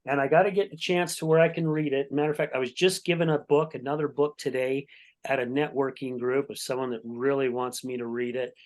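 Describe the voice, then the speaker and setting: A man's voice: medium pitch, steady tone, brisk. A man hosting a podcast interview, talking in a chatty, rambling way with many restarts. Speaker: podcast host. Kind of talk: casual interview chat.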